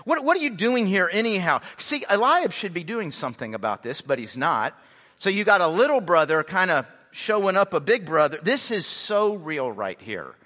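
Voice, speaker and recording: A pastor preaching with a high, bright, forceful voice that rings out through a church hall's long reverb. He leans hard on his points and slows down to stress them, often stumbling and repeating words as he goes. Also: very animated. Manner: frequent word repeats and restarts. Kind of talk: sermon. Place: church sanctuary.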